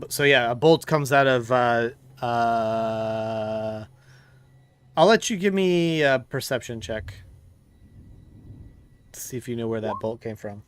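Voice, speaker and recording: A man narrating as game master in an online tabletop game, talking in a halting way with many fillers and restarts. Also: mid-range voice, fairly bright tone, clear, resonant tone.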